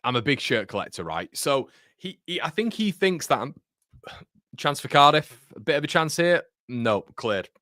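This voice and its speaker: A man hosting a live football watchalong, chatting casually with viewers and calling them mate, with loud bursts of excitement when goals go in. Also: fairly high pitch, normal speed, no echo, studio quality. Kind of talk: live match reaction chat with viewers. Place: home room.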